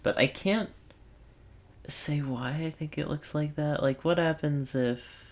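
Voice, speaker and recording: A man's voice: a little high, slow pace. A man thinking aloud in wry self-talk while commentating a puzzle game. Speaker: let's play gamer.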